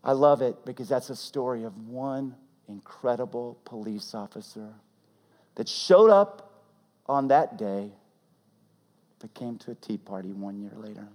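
A man preaching a sermon as pastor, swinging from loud emphatic peaks to hushed, almost whispered lines. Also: medium pitch, lively intonation, unhurried. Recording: long reverb of a large hall.

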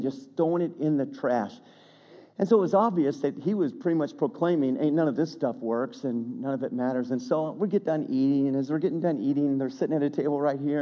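A man's voice: medium pitch, muffled recording. A man preaching a sermon, telling a story in a folksy, chatty way with self-deprecating asides. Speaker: pastor. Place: church sanctuary. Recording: long hall reverb.

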